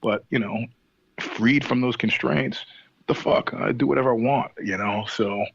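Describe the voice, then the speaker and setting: A man being interviewed, telling stories in a casual, animated way, swearing and laughing often. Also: medium pitch, measured pace, husky, no echo, dull audio. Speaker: guest.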